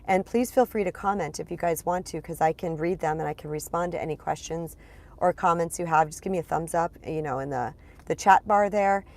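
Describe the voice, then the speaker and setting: A woman, a spiritual empowerment coach, speaks briskly in a fairly low, slightly mellow voice during a casual live stream. She sounds a little congested and clears her throat, often repeating words and addressing viewers as "you guys."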